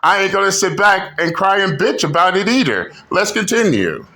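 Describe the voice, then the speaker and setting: A man's voice: high-pitched, lively intonation, moderate pace, bright, forceful tone. A man hosting a commentary channel, ranting combatively with insults and frequent restarts. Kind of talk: reaction rant commentary.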